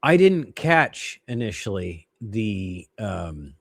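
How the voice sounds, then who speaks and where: A man's voice: lowish voice, sing-song, slow pace, a bit bright, no room sound, studio quality. A tired man co-hosting a podcast, reflecting on things and tripping over his words. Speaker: podcast co-host. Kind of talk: casual chat.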